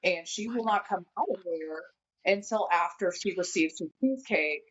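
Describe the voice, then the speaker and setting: A woman with a lowish voice tells a long story in casual podcast chat. She is animated and acts out what people said. The sound is dull and lo-fi. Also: normal speed, slight background noise. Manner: animated, acts out quotes while telling a story. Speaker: guest friend.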